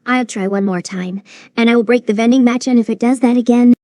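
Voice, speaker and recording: A synthetic woman's voice playing a hot-tempered, foul-mouthed young female pony in cartoon dialogue, speaking in an even, machine-like rhythm. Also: fairly high pitch, fairly quick, no echo, clean studio sound, lightly acted. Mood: angry. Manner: swears constantly, demanding.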